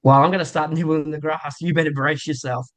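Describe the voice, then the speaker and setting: A man with an Australian accent voicing two hapless male hunters stuck in a buffalo costume, in a deadpan joke-telling delivery. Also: a little high, fairly quick, natural voice.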